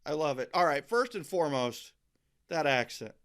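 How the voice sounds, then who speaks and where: A man's voice: fairly high pitch, sing-song, moderate pace, a crowd in the background. A middle-aged man hosting a podcast interview, talking emphatically and often repeating words as he starts a thought. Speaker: podcast host. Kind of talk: enthusiastic interview chat.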